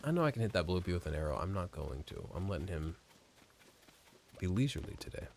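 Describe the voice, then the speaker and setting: A man's voice: sits low, big pitch swings, fast talker, gravelly, darkish tone, slight background noise. A man giving casual gameplay commentary at a home desk mic, rambling and profane, mocking himself and jumping between mutters and exclamations. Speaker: let's play streamer.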